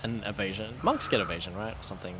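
A man's voice: lowish voice, lively intonation, quick pace, fairly bright tone, slight background noise. A man co-hosting a casual podcast, speaking in a dry, hedging way. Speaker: podcast co-host. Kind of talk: casual chat.

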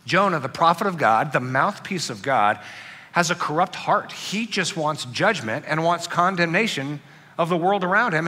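Male pastor, sermon delivery, slightly high and bright, animated storyteller. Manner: animated, acts out angry outbursts.

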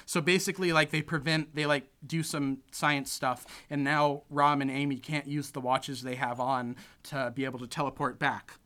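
A man's voice: mid-range voice, steady tone, normal speed, bright, forceful tone, clear, resonant tone. A young man casually recapping a film plot, rambling with lots of "like" and "you know" and acting out the characters' lines. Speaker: podcast co-host recapping a film. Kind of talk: casual chat.

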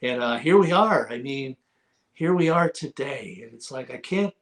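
A middle-aged man guesting on an interview show, talking in a casual, lively storytelling way. His voice sits at an everyday middle pitch, and he often repeats a word to drive it home. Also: normal speed. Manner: animated storyteller, repeats words for emphasis. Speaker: guest author.

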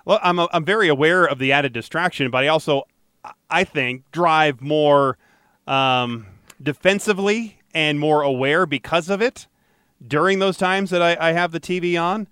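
A man's voice: fairly high pitch, normal speed, pushed and bright, clean tone, no echo, clean studio sound. An American man hosting a show, chatting casually and thoughtfully with some restarts. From United States. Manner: reflective, with frequent restarts. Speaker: podcast host. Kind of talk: casual chat.

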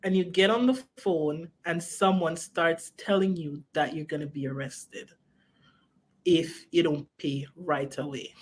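Animated woman with a lilt. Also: sits low, a little slow. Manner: animated, repeats herself, frequent "you know what I mean". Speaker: film writer and director, guest. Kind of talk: casual interview.

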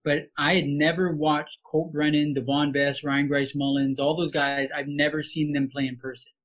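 A man's voice: a little high, level tone, normal speed, a bit bright. A man in his late thirties from Hawaii, a sportscaster telling heartfelt stories as a podcast guest, with frequent restarts. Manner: heartfelt storytelling with many restarts. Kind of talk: casual podcast interview.

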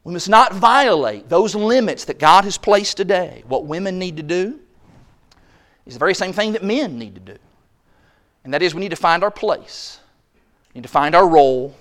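Speaking into a pulpit microphone in a church sanctuary, a man with a high, slightly bright voice preaches at a moderate pace with lively intonation. He stacks up rhetorical questions and performs mock quotes from other people.

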